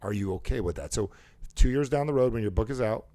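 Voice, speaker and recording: A man's voice: fairly low pitch, animated, fast, warm tone. A man coaching a caller live, emphatic and repetitive, acting out the dialogue he quotes. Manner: emphatic, repeats phrases, acts out quoted dialogue. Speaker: coach and show host.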